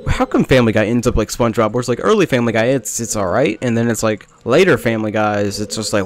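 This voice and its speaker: A man's voice: mid-range voice, fast. A young man giving rambling, jokey, self-deprecating commentary over a game at a home desk mic, hopping from topic to topic. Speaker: let's play commentator. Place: small hot bedroom with a fan running.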